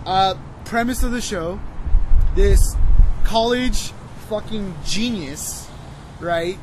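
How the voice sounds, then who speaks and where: A man in his twenties with a fairly high voice talks loosely and profanely, looping through fillers as he recommends a show. Wind noise and clipping cut into the recording, made outdoors near traffic. It has the feel of a casual podcast chat. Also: takes it slowly. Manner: rambling, profane, lots of "you know" fillers. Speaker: podcast co-host.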